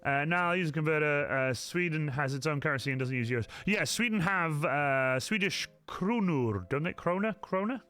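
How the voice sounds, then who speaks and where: A man's voice: a little high, animated, moderate pace, few pauses, bright, forceful tone, soft background music. A young man hosting a casual crafting livestream, chatting to his viewers and apologizing often. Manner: chatty, apologetic, talks straight to chat. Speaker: livestream host.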